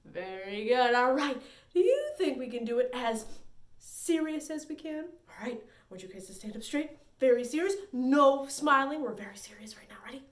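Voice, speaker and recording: A woman's voice: sits high, sing-song, moderate pace, reverberant. A woman leading a children's story time as librarian, with a bubbly, sing-song, playful way of talking. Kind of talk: virtual story time for kids.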